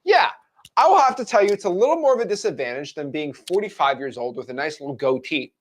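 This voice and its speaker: A man's voice: a little high, sing-song, quick pace. A man in his twenties giving a blunt, frank motivational talk to camera as a real estate wholesaling coach. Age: 20s.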